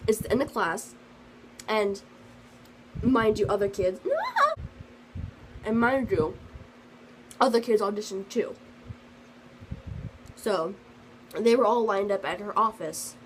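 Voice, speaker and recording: A woman's voice: medium pitch, slow pace, pauses often, a little hiss or hum, low-quality recording. A teenage girl telling a story in a casual vlog, rambling with lots of fillers and restarts. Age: teens. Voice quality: sensitive, earnest storytelling. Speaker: vlogger.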